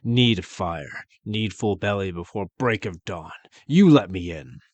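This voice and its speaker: A man voicing a brutish, desperate male ogre who bellows slow, broken demands. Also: low-pitched, no room sound. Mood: demanding.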